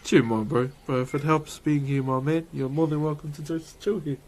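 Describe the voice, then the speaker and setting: A man's voice: fairly high pitch, steady tone, normal speed, darkish tone, slight background noise. Laid-back New man streaming. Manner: laid-back, laughs often, greets chatters. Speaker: streamer and woodcarver. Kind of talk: casual live-stream chat. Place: carving workshop.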